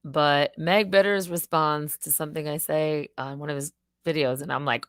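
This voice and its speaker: A woman live streaming, chatting casually in an excitable, rambling way, swearing and laughing often. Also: sits low, normal speed, no echo.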